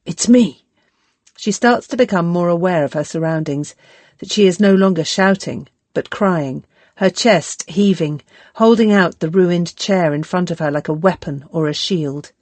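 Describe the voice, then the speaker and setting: Female audiobook narrator, lowish and measured, dry close read. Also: a little mellow, no echo. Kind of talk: scripted narration.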